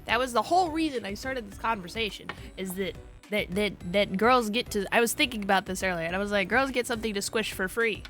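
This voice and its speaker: A woman's voice: mid-range voice, fast talker, fairly bright tone. A young woman streaming, chatting crudely with her chat, rambling and laughing as she goes. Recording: music playing behind.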